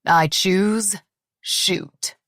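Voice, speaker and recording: Blustering menacing man, defiant, quick temper, dry sound, voiced by a woman narrator. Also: mid-range voice, fairly bright tone, dry recording. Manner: blustering and threatening.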